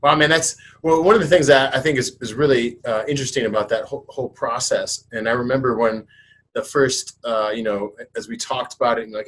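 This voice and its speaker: A man's voice: medium pitch, fairly quick, fairly bright tone, slightly rough, low-quality recording. A man in his thirties hosting a podcast, chatting casually and telling stories in a rambling way with many restarts. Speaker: podcast host.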